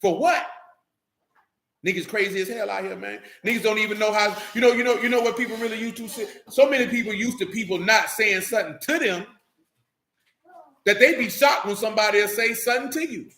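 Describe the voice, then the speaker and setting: A man with a high, bright voice preaches in a loose, conversational way. He mixes scripture reading with slangy asides to the congregation. The sound rings off an echoey room. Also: brisk. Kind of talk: informal sermon with Bible reading.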